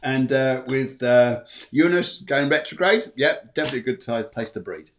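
A man's voice: mid-range voice, expressive, normal speed, fairly bright tone, slight background noise. Rambling jokey male medium host. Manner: rambling, self-correcting, jokey, many fillers. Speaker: psychic medium and show host. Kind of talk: live-streamed psychic readings, chatty.

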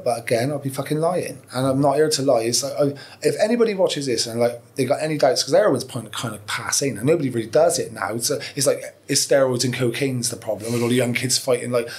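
A man's voice: mid-range voice, quick pace, few pauses. A man, telling his story as a podcast guest, candid and profane, rambling with restarts. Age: 40s. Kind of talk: casual interview storytelling.

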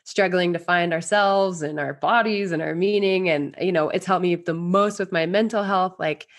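A woman with a slightly low voice, speaking as a podcast guest. She talks earnestly and at length, rambling a little, her thoughts tumbling out in loose, casual phrases. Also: normal speed. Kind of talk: casual interview chat.

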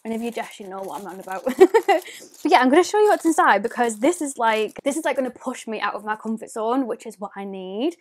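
Chatty beauty vlogger, woman in her twenties, slightly high voice, rambling delivery. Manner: chatty, rambling, lots of "like" fillers. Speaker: beauty YouTuber. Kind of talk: casual unboxing vlog.

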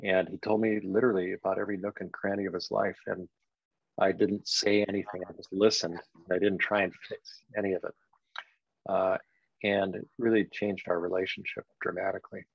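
Older guy with a low gravelly voice, slow reflective story, lots of "you know", dull dry sound. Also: level tone, no echo. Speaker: guest. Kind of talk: storytelling in a podcast interview.

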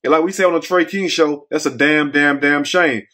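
A man's voice: a little high, normal speed, pushed and bright, a little hiss or hum. Folksy scolding man hosting a commentary show. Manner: folksy, scolding, preachy, repetitive. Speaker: host. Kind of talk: commentary vlog.

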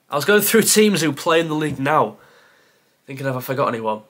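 A man's voice: medium pitch, lively intonation, normal speed, fairly bright tone. Man muttering through a quiz, sighing. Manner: mutters to himself, sighs, self-deprecating. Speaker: football content creator. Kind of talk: thinking aloud during a timed quiz.

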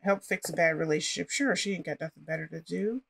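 A woman's voice: fairly low pitch, quick pace, vocal fry, breathy edge. A woman casually commenting on her life-simulation gameplay and chatting to her characters as she plays. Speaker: gaming channel host.

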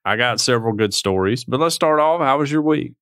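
A man's voice: medium pitch, expressive, a little fast, a bit bright, dry recording. A man co-hosting a casual podcast chat, joking and chuckling through his remarks into a close mic. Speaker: podcast co-host.

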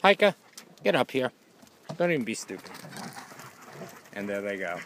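A man filming his dogs for a casual video, switching between loud scolding and doting baby talk, with some casual swearing. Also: fairly low pitch, big pitch swings, moderate pace, noisy background. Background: dogs in the background.

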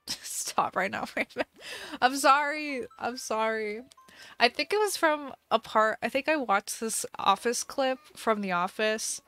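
A woman's voice: fairly high pitch, measured pace, clean tone. A young woman streamer in casual chat, giggly and talkative, reading out viewer messages. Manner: chatty, giggly, reads viewer messages aloud. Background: soft music.

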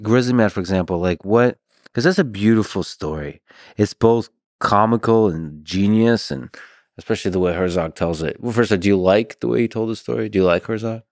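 A man with a low, deep voice hosts a podcast, asking thoughtful questions at a measured pace. The recording is dry and close. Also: a little mellow, no room sound. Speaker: podcast host. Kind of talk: casual interview conversation.

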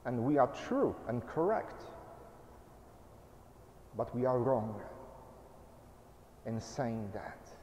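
A man delivers a sermon in short, measured phrases, taking his time over each one. His mid-pitched voice carries through a roomy church with a long, trailing reverb. A faint hum of room ambience sits behind him. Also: animated, dark tone. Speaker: pastor.

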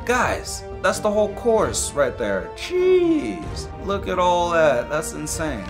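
A man in his twenties giving excitable game commentary, yelling, joking and talking to viewers. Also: high-pitched, takes it slowly. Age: 20s. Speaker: gaming YouTuber. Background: game music.

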